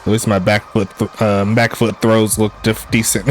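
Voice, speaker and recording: A man calling a simulated football game play by play in a relaxed streaming style, joking with chat and rising on big plays. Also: fairly low pitch, unhurried, faint music behind. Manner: laid-back, laughs at jokey player names, excitable on big plays. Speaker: play-by-play commentator. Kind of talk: casual sim football commentary.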